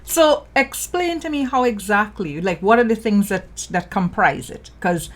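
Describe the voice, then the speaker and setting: A woman's voice: mid-range voice, expressive, a little slow. A woman host, asking curious questions and prompting her guest. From Trinidad. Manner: curious, prompting with short affirmations. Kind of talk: interview questions.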